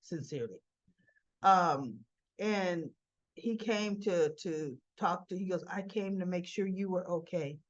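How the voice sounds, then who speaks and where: A woman casually recapping a soap opera episode for her channel, chatty and animated as she relays the characters' lines with fillers and asides. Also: fairly low pitch, measured pace, dull audio.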